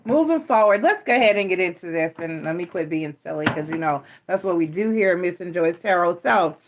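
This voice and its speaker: A woman's voice: on the low side, expressive, fairly quick, a little hiss or hum. A middle-aged woman hosting a tarot channel, chatting casually and playfully with her viewers, full of teasing asides. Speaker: tarot reader and channel host.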